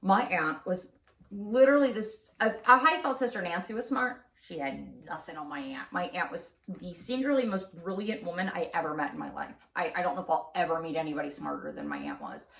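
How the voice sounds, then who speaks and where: A woman telling a true story in a casual storytime vlog, chatty and quick to laugh, recorded in an echoey room. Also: fairly low pitch, lively intonation, creaky, fairly bright tone, distant mic. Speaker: craft channel host. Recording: roomy echo.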